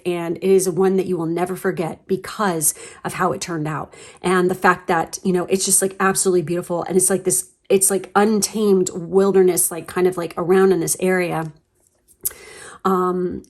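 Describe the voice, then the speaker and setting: A young woman hosts a relaxed tarot reading in a loose, rambling way. Her speech is full of likes and ums, and she gushes excitedly as she goes. Her voice sits at an ordinary middle pitch. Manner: chatty, rambling, gushing with fillers and swearing. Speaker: tarot reader. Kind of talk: casual pick-a-card tarot reading.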